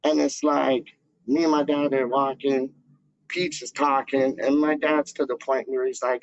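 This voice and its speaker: This fan channel host, a man, speaks to camera in a casual, rambling, slangy way, filling gaps with "like" and "dog". His mid-range voice stays flat at a measured pace, captured in a dull, dry, lo-fi recording.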